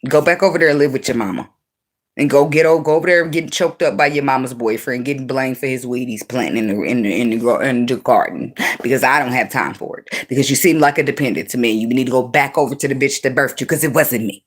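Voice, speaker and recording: A woman giving an unscripted tarot reading in a blunt, profane, animated way, breaking into laughs often. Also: rumbling low, quick pace. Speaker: tarot reader.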